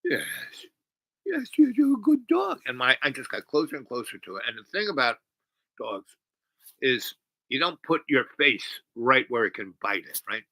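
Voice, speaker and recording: A man's voice: mid-range voice, animated, moderate pace, bright, forceful tone, no room sound, rough recording. A man hosting a long stream, telling a meandering story full of asides and restarts. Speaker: livestream host. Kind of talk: rambling storytelling.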